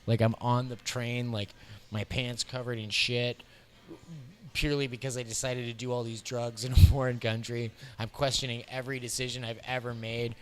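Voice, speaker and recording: A man in his thirties with an American accent, a comedian telling a profane road story in an animated way, laughing often as he talks. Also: mid-range voice, a little hiss or hum. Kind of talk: storytelling interview. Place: bar.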